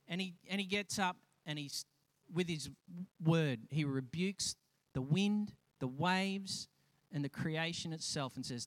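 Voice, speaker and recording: A man preaching a sermon, animated and acting out the voices of the people in his stories, with frequent restarts. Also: high-pitched, measured pace, dry recording. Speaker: pastor.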